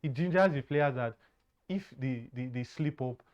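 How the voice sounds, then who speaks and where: A man's voice: medium pitch, moderate pace, a little mellow. A man giving earnest football analysis, often stumbling and repeating words. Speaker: football pundit. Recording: dull lo-fi sound.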